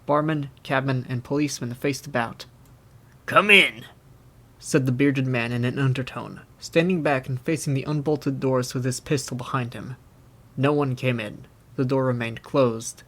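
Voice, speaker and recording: Young male audiobook narrator, steady measured reading, mid-pitched voice. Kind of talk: scripted narration.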